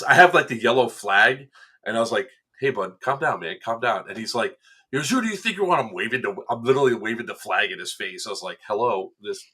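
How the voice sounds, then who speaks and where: Lively man telling airsoft stories. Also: fairly low pitch, slightly rough. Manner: animated storyteller, acts out quotes with laughs. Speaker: event staff member recounting a game. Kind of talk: casual podcast chat.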